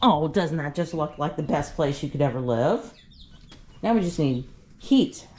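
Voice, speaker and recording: A woman's voice: animated, a little slow, darkish tone. A woman filming a casual farm vlog, chatting as she sets up a pen and fusses over her ducks and chicks. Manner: chatty, talks to her ducks in a high sing-song baby voice. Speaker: farm vlogger. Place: outdoor farm pen with poultry. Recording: clear poultry noise in the background. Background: birds clucking and chirping.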